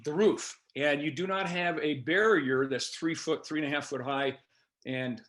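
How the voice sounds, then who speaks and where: A man's voice: a little high, measured pace, a bit bright. A man quoting a pushy male government safety inspector in the middle of telling a story. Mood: officious.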